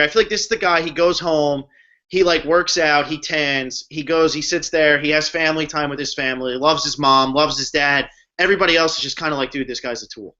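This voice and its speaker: Young male co-host from New Jersey, emphatic and slangy, slightly high-pitched, muffled audio. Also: pushed and bright. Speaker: podcast co-host. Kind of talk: casual chat. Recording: dull lo-fi recording.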